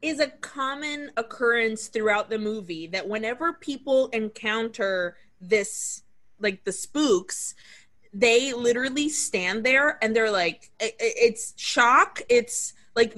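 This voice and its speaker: A woman's voice: a little high, expressive, slow pace, a bit bright. A woman co-hosting a podcast, chatting casually and animatedly about a horror film, often laughing and acting out lines. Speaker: podcast co-host.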